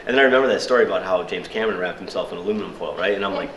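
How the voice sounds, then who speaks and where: A man's voice: deep voice, very fast, few pauses, noisy background. Chatty man telling stories in an echoey room. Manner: lively anecdotes, chuckling, many fillers. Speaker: speaker at a screenwriting workshop. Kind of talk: storytelling talk to an audience. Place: workshop room at a film festival. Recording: echoey room with faint ambience.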